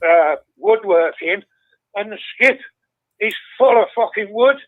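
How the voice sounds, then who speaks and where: A man's voice: high voice, measured pace, no echo. An older man calling in to a radio phone-in and telling a story with heavy swearing. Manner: swears constantly, animated storytelling. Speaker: caller. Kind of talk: casual phone-in chat. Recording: tinny phone line.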